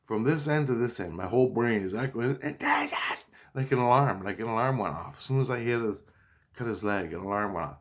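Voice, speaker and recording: A man's voice: fairly low pitch, quick pace. A man telling a story in a rambling, casual monologue, agitated and profane, often restarting his sentences. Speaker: vlogger recounting a dream.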